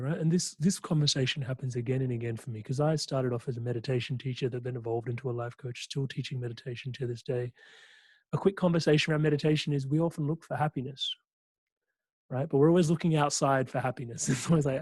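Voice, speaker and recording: A man, a life coach, giving a conversational webinar talk with an animated delivery, often tagging his points with a quick question to listeners. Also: medium pitch, no room sound. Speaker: guest speaker and life coach.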